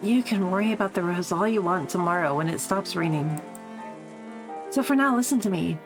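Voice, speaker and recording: A woman voicing an exasperated mother in a visual novel read-aloud, keeping her tone forced calm and firm. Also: on the low side, brisk, music in the background, lightly acted. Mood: stern. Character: strained, exasperated mother coaxing her child.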